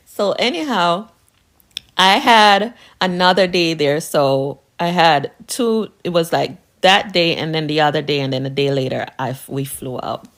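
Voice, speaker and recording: A woman's voice: low voice, unhurried. A woman telling a personal storytime tale to her viewers in a casual, sassy, conversational way. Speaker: storytime video creator.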